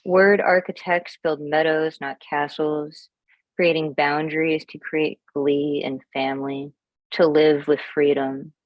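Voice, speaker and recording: A woman reciting her poem over a video call in a steady, rhythmic way. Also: deep voice, takes it slowly, muffled recording. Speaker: poet performer. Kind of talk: poetry reading.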